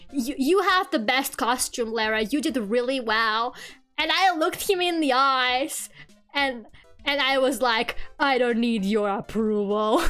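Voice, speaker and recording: A woman's voice: high voice, a bit bright, clean tone. A young woman streaming from home, chatting casually with her viewers and laughing at herself often. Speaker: VTuber streamer.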